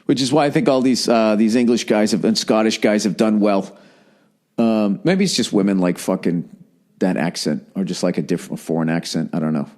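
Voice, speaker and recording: A man's voice: brisk, a little mellow. A middle-aged man from the United States hosting a podcast, riffing in a rambling, exasperated comic monologue full of profanity. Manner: frequent profanity, exasperated, mimics people in high voices. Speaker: podcast host.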